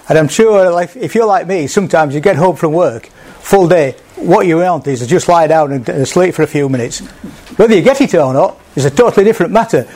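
A man's voice: fairly high pitch, darkish tone. A man preaching a sermon in a plain conversational way, with small restarts. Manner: conversational, with small restarts, acts out quoted speech.

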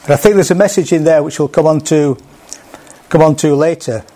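A man gives a sermon in an easygoing, conversational manner, pausing and restarting as he goes. His voice sits a little high for a man. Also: mellow. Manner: conversational, with small restarts, acts out quoted speech. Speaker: preacher.

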